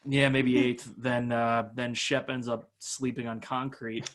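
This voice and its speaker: A man with a mid-pitched voice tells stories with eager energy, tripping over repeated words. He chats casually with friends on a podcast. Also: flat delivery, a little slow, fairly bright tone. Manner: enthusiastic storyteller who stumbles over repeated words. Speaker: podcast co-host. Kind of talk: casual group chat.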